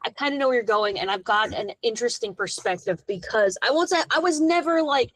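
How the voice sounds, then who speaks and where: A woman reacts bluntly and casually in a podcast conversation. Her voice is fairly high. The sound is dry and close to the mic. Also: animated, a little fast, no echo, rough recording. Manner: blunt, responds with short reactions and curses. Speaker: podcast co-host. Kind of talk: casual chat.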